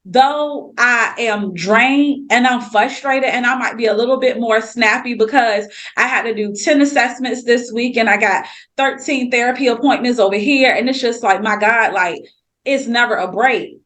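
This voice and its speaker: A woman's voice: a little high, normal speed, fairly bright tone. A woman hosting a faith podcast, talking in a candid, emphatic way and cutting in with exclamations. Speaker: podcast host. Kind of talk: casual faith podcast conversation.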